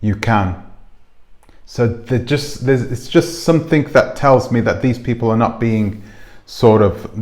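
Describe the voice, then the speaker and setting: A man's voice: fairly low pitch, lively intonation, a little slow, darkish tone. A man hosting his own commentary channel, talking casually to camera on a clip-on mic, rambling and asking his viewers rhetorical questions. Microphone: clip-on microphone.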